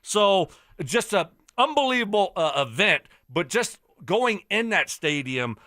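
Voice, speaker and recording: A high, bright-voiced man on sports radio who gets fired up and rants in punchy bursts. The sound is dry and close to the mic. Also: very animated, measured pace, dry recording. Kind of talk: heated sports radio debate.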